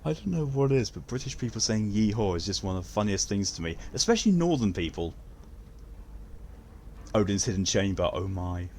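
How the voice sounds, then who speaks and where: A man's voice: on the low side, big pitch swings, fairly quick, darkish tone, a little hiss or hum. Laid-back man streaming a game. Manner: laid-back, swears casually. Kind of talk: casual gameplay commentary.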